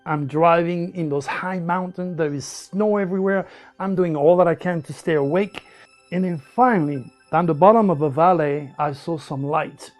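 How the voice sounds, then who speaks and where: A man's voice: fairly high pitch, normal speed, soft background music. A man with a French accent, a native French speaker from the south of France, animatedly recounting personal stories in an interview and acting out what people said. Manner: animated storyteller who acts out quoted speech.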